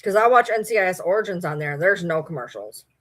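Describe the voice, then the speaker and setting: A woman's voice: lowish voice, big pitch swings, quick pace, fairly bright tone. A woman from Michigan with a Michigan accent, chatting casually on a livestream, rambling and answering viewer comments. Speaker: livestream host.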